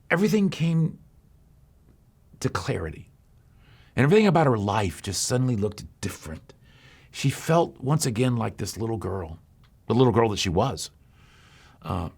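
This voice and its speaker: Male pastor storytelling sermon, low gravelly voice, quiet dramatic pauses. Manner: hushed dramatic pauses, conversational asides.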